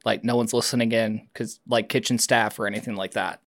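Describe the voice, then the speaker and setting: A man's voice: fairly low pitch, steady tone, brisk, fairly bright tone. A man playing in a tabletop game, talking casually with lots of "like.". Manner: casual, filler-heavy with "like". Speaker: player.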